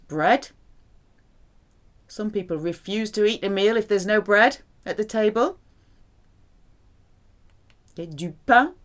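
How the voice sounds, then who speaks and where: Slow, lively French woman teaching. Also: medium pitch. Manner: slow, careful pronunciation drills. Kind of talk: vocabulary lesson.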